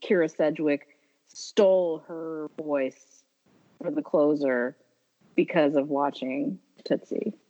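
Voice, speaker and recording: A woman's voice: low voice, steady tone, slow, mellow, dull audio. A woman chatting casually and enthusiastically about a favorite film, with frequent restarts.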